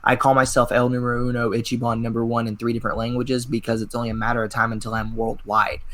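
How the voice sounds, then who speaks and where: A man in his twenties, a pro wrestler guest telling rambling, animated stories in a casual interview, full of filler words. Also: mid-range voice, quick pace. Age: 20s.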